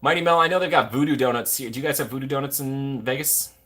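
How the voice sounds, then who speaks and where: A man's voice: mid-range voice, fast, sharp tone. A young man from Minnesota, hosting a livestream, chatting casually and going off on jokey tangents while reading viewer comments. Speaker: livestream host.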